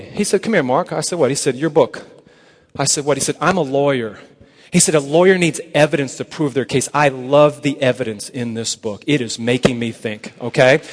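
A man preaching to a youth crowd, telling stories with quoted dialogue and checking in with "okay?" again and again. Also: a little high. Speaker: evangelist speaker. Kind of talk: evangelistic sermon to a youth crowd. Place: large hall at a youth conference. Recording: long hall reverb.

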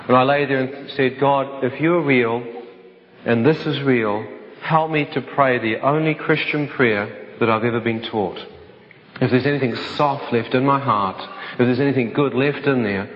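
An earnest man tells his personal testimony to an audience, slowing right down for every prayer he quotes. His voice sits at an ordinary middle pitch. The recording is dull and muffled and carries the long reverb of a large hall. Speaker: speaker giving a personal testimony.

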